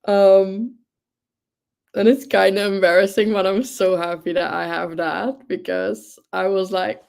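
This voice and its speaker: A woman's voice: medium pitch, fairly even intonation, unhurried, vocal fry, a little mellow. A young woman hosting a livestream, chatting casually and gushing with enthusiasm, with lots of fillers. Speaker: livestream host. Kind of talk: casual chat.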